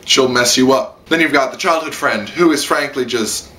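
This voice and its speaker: A young man chatting through an anime review from his room, loose and rambling with plenty of filler. His voice is bright and a little sharp, pitched in an ordinary middle register. He jumps into high squealed voices when quoting characters. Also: normal speed. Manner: rambling, excitable, lots of "like" and squealed quoted voices. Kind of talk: casual spoken review. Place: room at home with a lamp.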